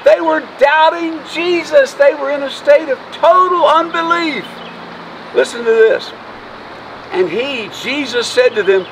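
Preaching an Easter sermon outdoors by a road, a pastor is folksy and emotional and jokes with his congregation. His voice is very high and a bit bright at a measured pace, picked up by a distant mic with faint noise.

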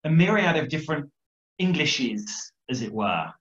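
A man's voice: a little high, sing-song, moderate pace, a bit bright, echoey room, dull audio. A man hosting an online interview, asking questions with hedging, word-searching phrasing. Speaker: interviewer and event host. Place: South America.

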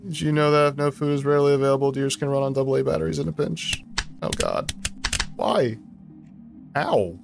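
A young man commenting on a game he plays, excitable and goofy, often laughing. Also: fairly high pitch, brisk, gravelly, over music. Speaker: gaming video host. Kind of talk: let's play commentary.

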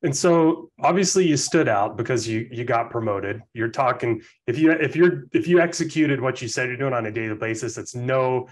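A man hosts a podcast interview in a casual, enthusiastic way. His voice sits at an average pitch, and he keeps the conversation moving with quick follow-up questions. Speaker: podcast host.

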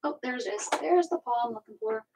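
On a very noisy crafting livestream, a woman speaks briskly in a high, animated, creaky voice. She chats casually to herself and live chat as she stamps, with playful made-up sing-song moments.

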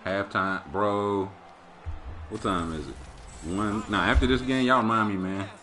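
His voice is lowish with a measured pace and a sharp tone. He's streaming a hockey video game, talking casually and animatedly and swearing freely, while the game's arena crowd and commentary fill the background.

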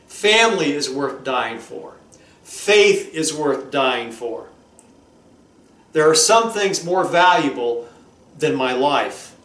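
A man's voice: on the high side, fairly bright tone. A man preaching a sermon, earnest, telling a story and asking rhetorical questions. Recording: roomy echo.

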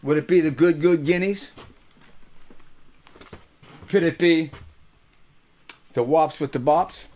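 Older man, host of a live webcast, wisecracking and profane, rambles with fillers, voice sits a bit high. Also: slow pace, pauses often, darkish tone. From Pittsburgh, USA. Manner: joking, teasing, swearing, with lots of fillers. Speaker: host and musician. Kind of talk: casual comic monologue to a webcast audience.

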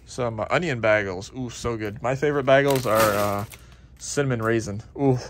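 A man talking casually as he films a vlog while digging through a dumpster, chatty and excitable, playfully stubborn. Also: medium pitch, normal speed, background noise. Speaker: dumpster diving vlogger. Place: outdoors at a dumpster.

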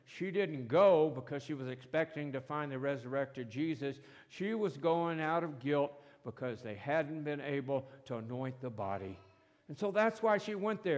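A male pastor preaching a sermon in a church, slow and emphatic, swinging between loud and soft. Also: a little high. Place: church sanctuary. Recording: long reverb of a church hall.

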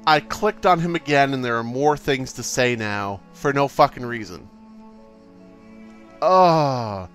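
A man doing let's play commentary, exasperated, swearing a lot and reading the game's options out loud. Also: medium pitch, lively intonation, takes it slowly, soft background music. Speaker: gaming YouTuber.

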